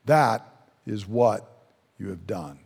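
A man's voice: on the low side, lively intonation, slow, gravelly, a little mellow, breathy edge. A man preaching a sermon in an emphatic way, often putting questions to his listeners. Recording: long hall reverb.

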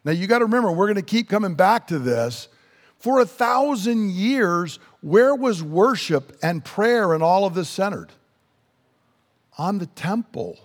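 A man preaching a sermon in an earnest, emphatic way, slowing down to stress key words. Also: sits high, animated, long reverb tail.

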